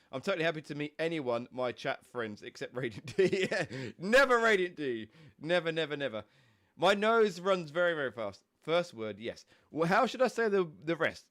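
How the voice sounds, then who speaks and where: A man's voice: a little high, sing-song, moderate pace, fairly bright tone. A young man with a stuffy, snotty nose from a cold, chatting casually and rambling on a live stream, swearing now and then.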